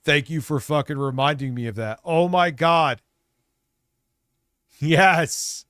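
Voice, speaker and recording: A man live-streaming, rambling and reacting loudly in casual, profane commentary. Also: a little high, takes it slowly, clear, resonant tone, dry recording, clean studio sound.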